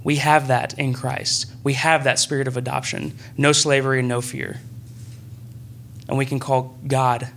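A young man preaching a sermon in a church room, earnest and conversational, breaking into excited bursts. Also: medium pitch, normal speed, vocal fry, slight background noise.

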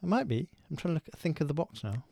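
A man co-hosting a casual chat, teasing with deadpan dark jokes. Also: fairly high pitch, fast talker, gravelly, no room sound. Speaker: podcast co-host.

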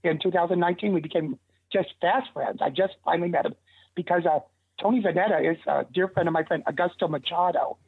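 A quick-paced older man with a high, slightly rough voice and vocal fry tells casual, animated stories as a guest. He rambles and restarts, heard on a tinny, dry phone line with no echo.

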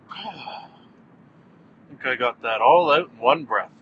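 A man hosting his own podcast, rambling goofily and mocking himself, with sudden loud bursts. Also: mid-range voice, animated, slow pace, long pauses, muffled recording, slight background noise. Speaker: podcast host. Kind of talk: casual solo podcast monologue.

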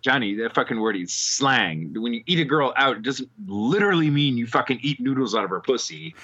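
A bright, animated man co-hosting a podcast, stumbling over his words in crude, joking banter. His voice comes through slightly dull and lo-fi. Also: medium pitch, fairly quick, husky. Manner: stammering, profane, wry. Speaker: podcast co-host.

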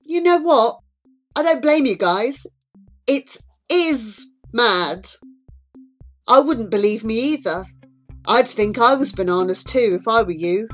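A woman's voice: a little high, expressive, slow pace, bright, forceful tone, faint music behind, voice pushed up, full character voice. A woman voicing a chatty young schoolboy in a children's audiobook. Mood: animated.

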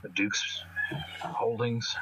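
A man's voice: mid-range voice, little pitch movement, extremely slow, background noise. Man playing a level-headed henchman. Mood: matter-of-fact.

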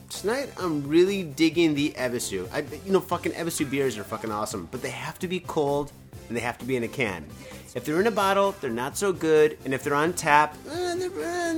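A man hosting a casual solo podcast from home, rambling and swearing as he drinks, a bit tipsy. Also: fairly high pitch. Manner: profane, rambling, animated. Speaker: podcast host. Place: home in Japan, indoors.

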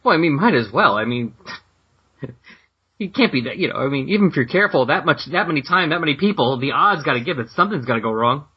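A man with a husky voice chats about comics in an easygoing, joking way. The audio is dull and lo-fi. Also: a little high, expressive, fast. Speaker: podcast co-host. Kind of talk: casual chat.

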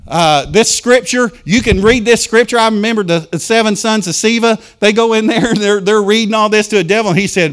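A man preaching a fervent sermon to a congregation, telling stories and talking straight to the people in church, swinging from loud to hushed. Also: sits high, brisk, hardly any pauses. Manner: addresses congregation directly. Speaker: pastor.

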